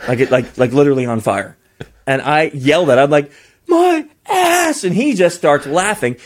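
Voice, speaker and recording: A man telling stories as a podcast guest in a casual, animated way, his voice jumping high when he gets excited. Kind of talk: casual storytelling.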